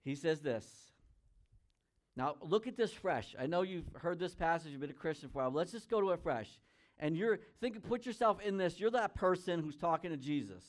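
A man preaching a sermon. He reads scripture aloud, comments on it, and swings between loud emphasis and quiet asides. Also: a little high, lively intonation, normal speed. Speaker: pastor.

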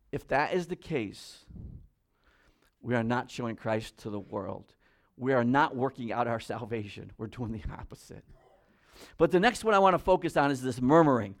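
A man with a fairly high voice preaching a sermon in church. He talks emphatically and puts questions straight to the congregation. His voice rises for stressed words and drops low and quiet for asides. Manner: asks the congregation direct questions. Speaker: pastor.

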